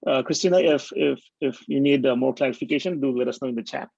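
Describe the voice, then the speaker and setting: A man's voice: medium pitch, quick pace, vocal fry, a little mellow, breathy edge, dry recording. A man, moderating a webinar, reading out audience questions with hesitant fillers over a video call. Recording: dull lo-fi call audio.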